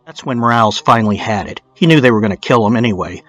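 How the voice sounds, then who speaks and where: A man's voice: lowish voice, lively intonation, quick pace, a bit bright, faint music behind. A man narrating a true-crime documentary in a casual storytelling way, dropping in blunt, swearing asides.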